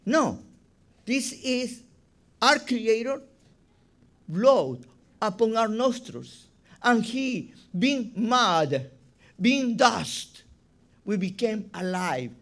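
A man for whom is a delivers a rabbi's sermon. He speaks at a slow, unhurried pace, and his voice sits high for a man. He stresses points emphatically, often repeating words as he builds his argument. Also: big pitch swings, fairly bright tone. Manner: emphatic, repeats words, non-native phrasing.

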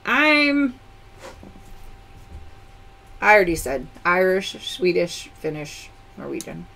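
A woman's voice: lowish voice, very animated, takes it slowly, vocal fry, bright, forceful tone. A woman hosting a live-stream sale, chatty, greeting viewers by name and counting items aloud. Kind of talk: live-stream sales chat.

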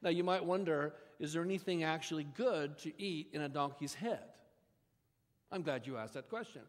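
High-voiced man preaching in a church hall. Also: moderate pace. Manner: conversational, folksy asides to the congregation. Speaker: pastor. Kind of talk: sermon. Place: church sanctuary. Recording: long reverb of a church hall.

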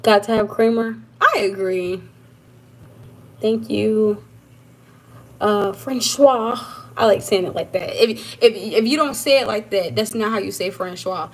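A woman's voice: medium pitch, unhurried. A young woman chatting casually on a livestream, answering viewers while moving around her kitchen, laughing and emphatic. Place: home kitchen.

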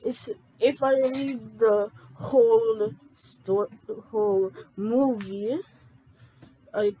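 A woman reading her own homemade script aloud, halting and losing her place. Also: a little high, steady tone, warm tone, slight background noise, poor audio. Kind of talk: casual amateur script reading.

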